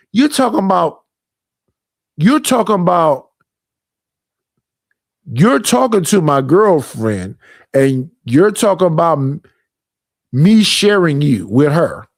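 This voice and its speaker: A man's voice: a little high, very animated, slow pace, pauses often, no echo, clean studio sound. A man streaming reaction commentary in a blunt, profane, ranting manner, with speech.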